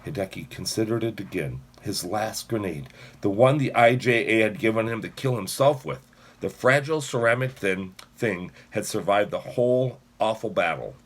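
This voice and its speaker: Brief: male audiobook narrator, husky lowish voice, lively pitch. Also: normal speed. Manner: expressive, shifting voices for characters.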